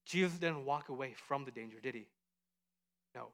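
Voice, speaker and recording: A man teaching children a Bible story, lively and full of questions to the kids, acting out the voices as he goes. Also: medium pitch, moderate pace. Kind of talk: animated Bible story lesson.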